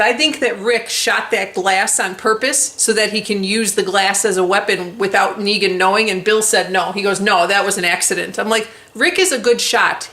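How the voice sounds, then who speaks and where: A woman co-hosting a casual chat, telling stories in an excitable, animated way with many fillers. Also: mid-range voice, reverberant. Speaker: co-host.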